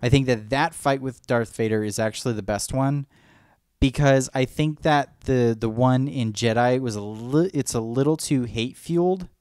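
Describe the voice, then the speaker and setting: A man's voice: medium pitch, normal speed, darkish tone, clean tone, no echo. A man co-hosting a podcast, chatting casually and enthusiastically, rambling and acting out movie lines. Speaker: podcast co-host. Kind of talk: casual fan chat.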